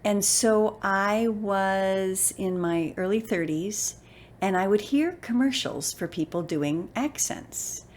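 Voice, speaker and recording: A woman in her sixties telling a personal story in an animated, expressive way, acting out the voices she quotes. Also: mid-range voice, slow pace, a little hiss or hum. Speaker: motivational speaker and voice actor.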